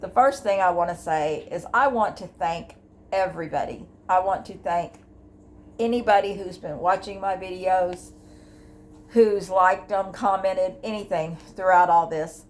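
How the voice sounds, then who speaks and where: A woman's voice: lowish voice, unhurried, a little hiss or hum. Older woman, home vlog to camera, earnest and rambling, open about her feelings. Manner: candid, emotional, rambling with restarts. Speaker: grief vlogger. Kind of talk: candid personal vlog. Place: at home, indoors. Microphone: device camera.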